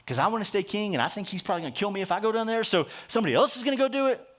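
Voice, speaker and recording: A man's voice: high voice, lively intonation, racing. A man voicing an anxious, reluctant king in a casual, incredulous paraphrase. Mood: eager, relieved.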